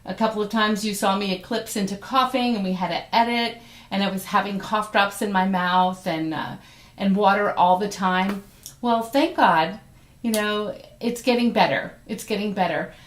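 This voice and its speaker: A middle-aged woman talks her way through a devotional message in an animated, chatty manner. She stumbles, restarts and fills pauses as she goes. Her mid-range voice bounces around a roomy, echoey space. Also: medium pitch. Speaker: devotional host and teacher. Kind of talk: casual devotional talk. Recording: roomy echoey room sound.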